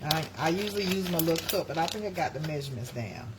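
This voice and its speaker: A woman's voice: sits low, expressive, fast, noisy background. A middle-aged woman hosting a casual live stream from her home kitchen, rambling and chatting to her viewers.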